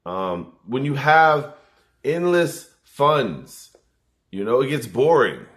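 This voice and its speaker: A man's voice: mid-range voice, sing-song, slow, fairly bright tone. A man doing a casual comedic rant, rambling and loose, swearing freely and breaking into little laughs.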